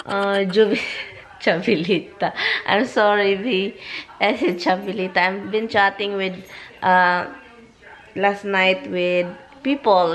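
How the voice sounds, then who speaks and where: A middle-aged woman from the Philippines with a Filipino accent, chatting casually in a home vlog, rambling, repeating herself and venting her frustration. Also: medium pitch. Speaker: vlogger.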